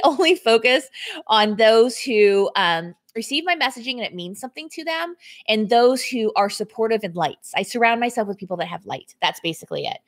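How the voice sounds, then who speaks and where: A woman's voice: on the high side, fairly bright tone. A woman fitness coach speaking casually on a live stream from home, talking candidly to viewers, reading their comments aloud and thanking them, laughing often with her voice swinging up and down. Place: indoors at home.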